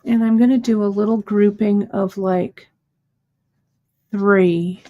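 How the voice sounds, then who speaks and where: Female host for a live hands-on lesson: measured, leisurely delivery, warm checking-in with viewers. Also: medium pitch, steady tone, muffled recording. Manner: patient, step-by-step, checks in with "okay?". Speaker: host demonstrating bead embroidery. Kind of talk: live craft tutorial.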